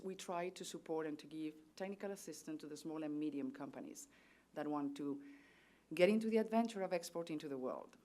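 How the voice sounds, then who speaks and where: A woman's voice: deep voice, mellow. A woman from Spain with a Spanish accent and Spanish as her first language, giving formal, earnest prepared remarks as a trade official at a seminar and reciting statistics. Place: seminar venue.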